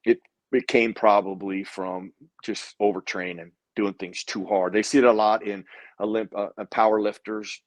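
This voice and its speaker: A man with a fairly low voice, speaking at a normal speed with no echo, is a guest in a casual interview. He tells a personal story with animation, acting out the lines other people said.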